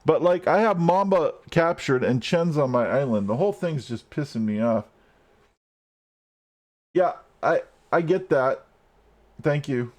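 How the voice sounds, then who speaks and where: A man's voice: a little high, animated, a little slow, long pauses, darkish tone. A man streaming gameplay live, ranting and swearing at the game as he plays. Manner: frustrated, swearing, rants at the game.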